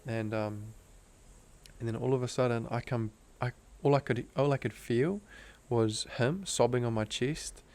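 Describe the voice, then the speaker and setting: Gravelly man telling a story. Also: mid-range voice, measured pace, a little mellow. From Australia. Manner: earnest, intense storytelling with many "like" fillers. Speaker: podcast guest. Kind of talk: casual storytelling interview.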